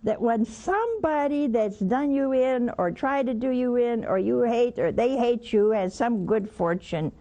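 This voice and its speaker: Slow, animated woman preaching. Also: a little high. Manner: animated, blunt, teasing asides to listeners. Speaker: religious broadcaster teaching scripture. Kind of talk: spoken sermon.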